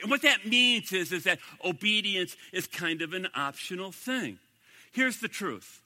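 A man's voice: high-pitched, animated, measured pace, bright, forceful tone, big-room sound. A man preaching a sermon as pastor, emphatic and repeating his key phrases.

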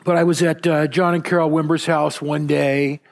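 Man, pastor, conversational sermon, gravelly, rambling, self-deprecating, lots of fillers. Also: fairly high pitch, moderate pace. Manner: relaxed, rambling storytelling with frequent fillers and restarts; gently self-deprecating humor. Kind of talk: conversational sermon with personal stories.

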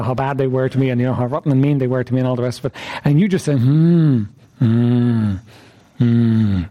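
A man's voice: medium pitch, mellow. A man preaching an interactive sermon, repeatedly questioning his listeners with emphasis.

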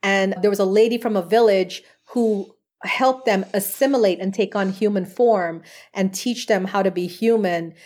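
A woman's voice: medium pitch, moderate pace, a little mellow. A woman speaking as a podcast guest, telling stories about her work as a past life regression therapist in an earnest, chatty way with frequent fillers. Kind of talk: conversational interview answers.

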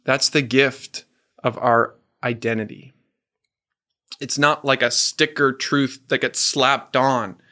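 Earnest and soft-spoken, a man coaches a group of men in a faith discussion, reading their answers aloud and easing his pace on quoted words. He has a mid-range, steady voice.

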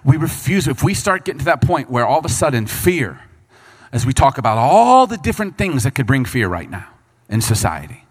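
A man preaching a sermon, reading scripture and breaking into quick acted asides as the people he talks about. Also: mid-range voice, breathy edge. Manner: animated preaching, voices Bible figures and people in quick asides. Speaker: pastor.

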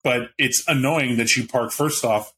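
A man's voice: medium pitch, steady tone, measured pace, sharp tone, a little hiss or hum. A man narrating a tabletop role-playing game as game master, in a casual, rambling way.

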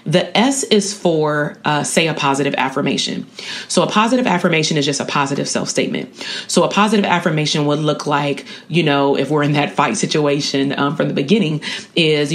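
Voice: mid-range voice, brisk, fairly bright tone. An educator giving a casual spoken lesson on coping skills, talking in a slangy, conversational way and often checking in with the listener. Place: at a college.

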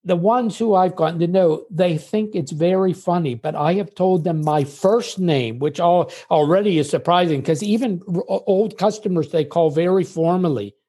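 An older man from the United States talks as a guest in a relaxed interview. His voice is warm and mellow rather than bright. He explains at a measured pace and leans on little anecdotes to make his point. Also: high voice. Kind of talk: conversational interview storytelling.

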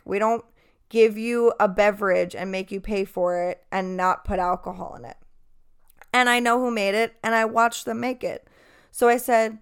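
A woman's voice: medium pitch, unhurried, clean tone. A young woman in her twenties, a bartender and podcast host, telling a story in a casual, profane, exasperated way.

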